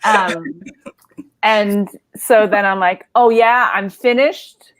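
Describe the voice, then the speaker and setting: A woman's voice: medium pitch, takes it slowly. A woman in her thirties telling a comedy story, rambling and self-deprecating with lots of fillers and laughs.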